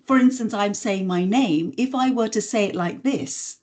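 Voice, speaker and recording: A woman, a voice and communication skills trainer, explaining communication habits in a podcast interview in a measured, instructive way. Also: mid-range voice, darkish tone. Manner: measured, instructive, demonstrates intonation examples.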